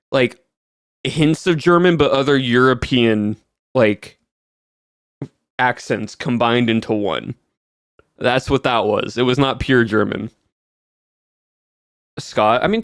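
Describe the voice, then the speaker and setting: A man's voice: mid-range voice, a bit bright, smooth, dry recording, clean studio sound. A man streaming, chatting casually with his viewers in a rambling way with many fillers and answers to chat.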